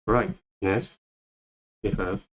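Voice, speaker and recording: Slow, low-voiced man teaching vocabulary. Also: very animated, poor audio. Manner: repeats words many times, thinking aloud. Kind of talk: slow, repetitive vocabulary lesson.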